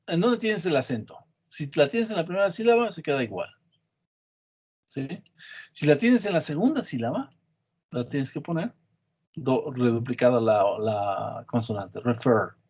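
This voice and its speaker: A man leads an English class, repeating each word slowly to show where the stress falls. He slips back and forth between English and as he explains. His voice sits a little higher than most men's. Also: lively intonation, a little mellow. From Mexico. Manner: switches between English and Spanish, repeats words to model stress. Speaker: English teacher. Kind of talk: classroom lesson.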